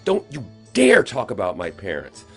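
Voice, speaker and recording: A man's voice: lowish voice, wildly swooping pitch, normal speed, fairly bright tone, soft background music, pitched above the performer's own voice, exaggerated voice. A man voicing a fierce, protective schoolgirl who speaks sharply and indignantly. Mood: furious.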